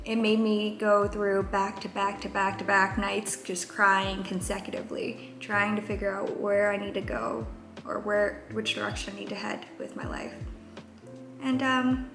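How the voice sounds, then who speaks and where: A woman's voice: mid-range voice, steady tone, normal speed, a bit bright. A young woman in her twenties talking candidly in a casual vlog, rambling with many fillers. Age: 20s. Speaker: vlogger. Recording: roomy echo, faint music.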